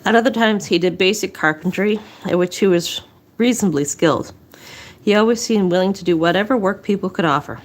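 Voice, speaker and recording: A woman's voice: medium pitch, fairly quick. A woman reading local history aloud in a casual way, out of breath, stumbling and restarting, with dry asides. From southwest Nova Scotia. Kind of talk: casual read-aloud narration.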